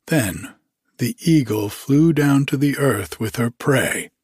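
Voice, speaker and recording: A man narrating a fairy tale audiobook in a measured, even storytelling manner. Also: mid-range voice, husky, no echo, studio quality.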